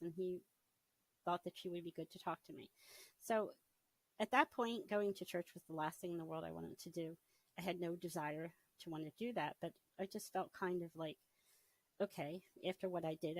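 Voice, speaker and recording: A middle-aged woman giving a personal testimony in an interview, telling her story in a casual, animated way and often laughing as she acts out her past thoughts. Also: lowish voice, no echo, low-quality recording. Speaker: interview guest.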